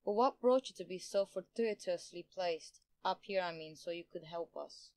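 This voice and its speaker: Male reader doing a courteous, hurried young woman, high-pitched, soft. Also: dry recording. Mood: polite. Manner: polite, hurried. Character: brisk, polite young woman companion.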